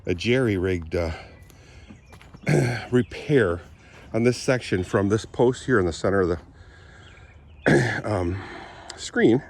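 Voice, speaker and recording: A man with a lingering cold giving a rambling, chatty outdoor walk-and-talk vlog on his farm, often clearing his throat and coughing. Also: on the low side, expressive, takes it slowly, pauses often, slight background noise. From Southwest Michigan. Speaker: vlogger.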